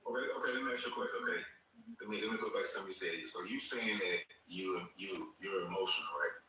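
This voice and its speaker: A man with a fairly low, bright voice asks probing questions, restarting as he goes. He sits far from the mic in a very echoey room with faint background noise. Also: quick pace. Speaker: panel guest. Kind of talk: candid group discussion.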